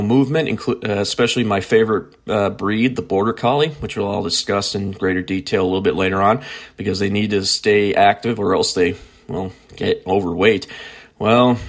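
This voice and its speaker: Rambling low-voiced male podcast host. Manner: rambling, self-correcting, chatty. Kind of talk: casual chat.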